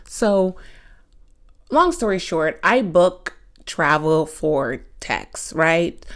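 Chatty young woman podcast host. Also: on the low side. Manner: chatty, candid storytelling with lots of "like". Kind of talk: casual chat.

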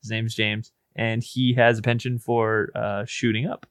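A man's voice: lowish voice, level tone, a little slow, a bit bright, dry recording, studio quality. A man co-hosting a podcast, rambling through casual film chat, laughing often and swearing. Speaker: podcast co-host.

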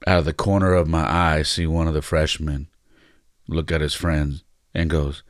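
Podcast host and coach, male, very low register, relaxed storyteller, dry studio sound. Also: moderate pace, no room sound. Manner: relaxed, reflective, with frequent fillers. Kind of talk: casual storytelling monologue.

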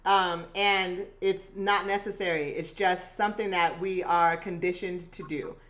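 A woman's voice: fairly low pitch, fairly even intonation, measured pace, a bit bright. A woman from Eugene talking in casual chat, emphatic and reflective, with many affirmations. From Eugene, Oregon. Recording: noisy recording.

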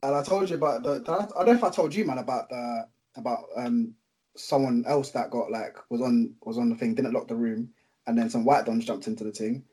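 A man's voice: medium pitch, a little fast, warm tone, breathy edge. A young man, chatting casually and rambling in slang as a podcast co-host. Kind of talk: casual chat.

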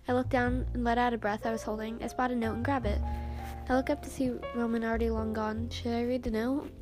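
Young woman, fairly high voice, flat quiet reading, near tears, music behind. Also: quick pace. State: close to tears. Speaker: fanfiction reader. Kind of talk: reading a fan story aloud.

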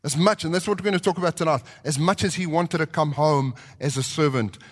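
High-voiced preacher in a reverberant hall. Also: male voice, a little fast, husky. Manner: animated storytelling, acting out voices. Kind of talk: sermon.

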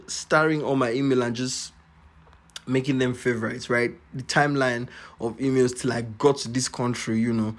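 A young man from Nigeria speaks, hosting a podcast. He tells a personal story in an animated, exclamatory way and laughs between lines. His voice sits at an ordinary middle pitch. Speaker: podcast host.

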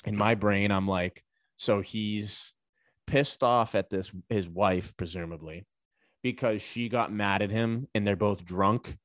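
A man's voice: on the low side, takes it slowly, no room sound. A man casually telling a comic, profane story on a podcast, acting out the people in it. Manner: animated, profane, acts out quoted voices.

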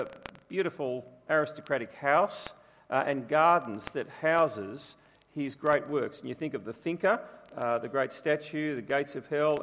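A man's voice: mid-range voice, fairly bright tone. A man preaching a sermon as pastor, telling stories in a chatty, humorous way. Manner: chatty storytelling with humour. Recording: long reverb from a large room.

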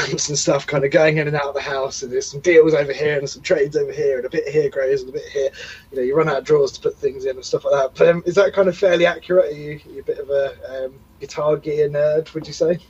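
Husky man, lo-fi. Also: a little high, steady tone, fast, a little mellow. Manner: rambling, self-deprecating. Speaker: podcast host. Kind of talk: casual chat.

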